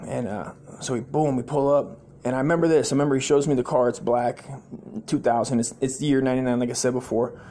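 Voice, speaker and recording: A former sailor hosting a comedy podcast, telling a long story in a rambling, heavily profane way and acting out the people in it. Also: male voice, mid-range voice, quick pace, a little hiss or hum. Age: adult, former sailor. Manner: profane, rambling, animated quoted voices.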